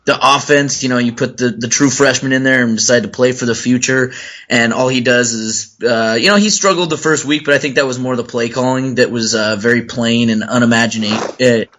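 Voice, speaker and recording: A man's voice: medium pitch, fairly even intonation, fairly quick, a bit bright. A man giving his take on college football in casual chat, rambling with lots of ums and restarts. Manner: rambling with many fillers and restarts. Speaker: co-host, sports commentator.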